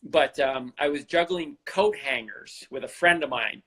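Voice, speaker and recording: A man's voice: mid-range voice, measured pace, fairly bright tone. A man hosting a podcast, chatting in a joking way and repeating words as he thinks. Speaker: podcast host. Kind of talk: casual chat.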